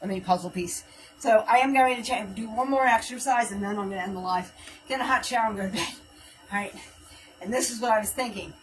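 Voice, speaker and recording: A woman's voice: a little high, quick pace, recorded from a distance, slight background noise, poor audio. A woman hosting a live home workout stream, counting reps aloud and chatting casually while she exercises, a little out of breath. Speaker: fitness livestream host. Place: home workout space, livestream.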